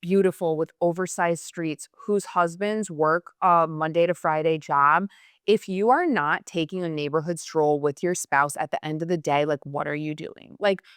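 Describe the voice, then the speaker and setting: A young woman hosts a casual podcast chat, talking passionately and quickly with plenty of fillers. Her voice sits a little low and sounds smooth and clear. The recording is dry and close. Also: no echo. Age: young adult. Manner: chatty, passionate, fast-talking with many fillers. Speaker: podcast host.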